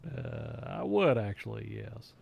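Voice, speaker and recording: A man's voice: lowish voice, huge pitch swings, slow pace, creaky, darkish tone, husky. A man playing a police officer on the witness stand in role-play, hesitant and drawling.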